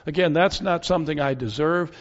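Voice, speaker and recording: A man preaching a verse-by-verse sermon with an earnest, reasoning delivery that leans on rhetorical questions. His voice sits a little high for a man. The recording is dull and lo-fi, with a long reverb trailing off the walls of a large hall. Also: a little fast. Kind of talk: expository sermon.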